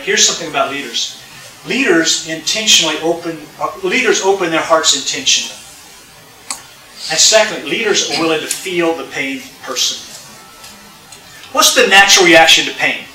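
Bright-voiced man preaching in an echoey church. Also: on the high side, normal speed. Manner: conversational preaching, repeats phrases, questions the congregation. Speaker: pastor. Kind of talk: sermon. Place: church sanctuary. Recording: echoey room, voice from a distance.

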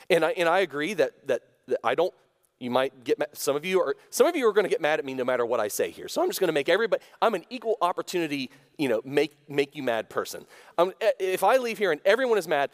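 A male pastor delivers a conversational sermon with a slightly high voice, restarting phrases before pressing down on his main points. His voice rings with the long reverb of a church sanctuary. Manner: conversational, self-correcting, lively emphasis.

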